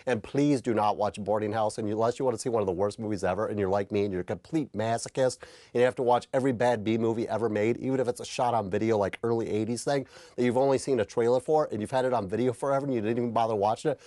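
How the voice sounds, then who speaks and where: A man's voice: mid-range voice, racing, warm tone, no echo, clean studio sound. A man hosting a comedic film review, ranting sarcastically and swearing casually. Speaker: host.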